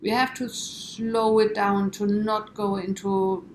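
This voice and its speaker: A woman's voice: medium pitch, level tone, takes it slowly, echoey room, a little hiss or hum. A woman guest in a conversational interview, explaining her ideas in a reflective way with lots of imagery.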